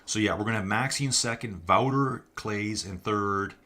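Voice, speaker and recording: A man with a low voice gives casual live-stream commentary on an online cycling race. He rambles in a chatty way, calls his viewers folks and answers the chat as he goes. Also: normal speed, sharp tone.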